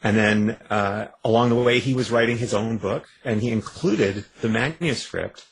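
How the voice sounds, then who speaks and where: A man's voice: on the low side, moderate pace, breathy edge. A man from Canada, an author guest joking wryly about himself in a casual interview over the phone line. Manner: self-deprecating, wry.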